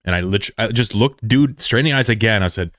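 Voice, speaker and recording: A man's voice: lowish voice, a little fast, a bit bright, no echo, clean studio sound. A young man streaming and chatting casually with viewers, joking and swearing loosely as he talks. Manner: loose, profane, joking banter. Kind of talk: casual live-stream chat.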